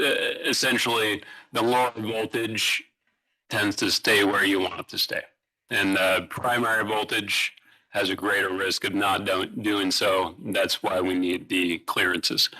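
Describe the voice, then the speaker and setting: Bright-toned man explaining utility tree trimming. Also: on the low side, poor audio. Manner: halting, fillers and restarts, explanatory. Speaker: utility presenter. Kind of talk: public meeting presentation. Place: city hall meeting room.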